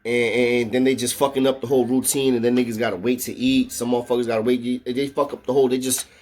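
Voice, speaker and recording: A man's voice: medium pitch, level tone, fast talker, a little mellow. Slangy New man telling a story. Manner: slangy and profane, with frequent "know what I mean". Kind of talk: casual storytelling.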